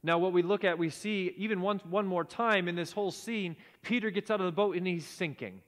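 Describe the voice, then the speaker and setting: A man preaching a sermon in earnest tones, often dropping to a hushed low voice for emphasis. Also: fairly quick, in a large hall. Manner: earnest, drops to a hushed low voice at key points. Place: church sanctuary.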